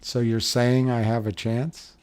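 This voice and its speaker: A middle-aged man talks at an unhurried, drawn-out pace, hosting a casual livestream. He wanders from thought to thought while answering viewers and laughs often at his own stories. His voice sits at an ordinary pitch for a man. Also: flat delivery, darkish tone, smooth. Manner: rambling, chuckles often. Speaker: livestream host. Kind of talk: casual chat reading viewer comments.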